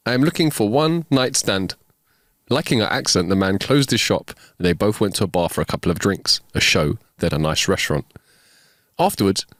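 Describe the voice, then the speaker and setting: A man co-hosting a comedy podcast, telling listener jokes in a giggly, expressive storytelling way. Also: sits low, no room sound, studio quality. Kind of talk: casual comedy chat. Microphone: close studio mic.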